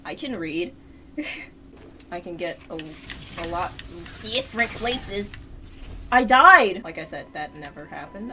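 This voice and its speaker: Shrieking, excitable woman game streamer. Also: medium pitch, slow pace, long pauses, noisy background. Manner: talks to the game character and chat. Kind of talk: live gameplay commentary. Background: game music.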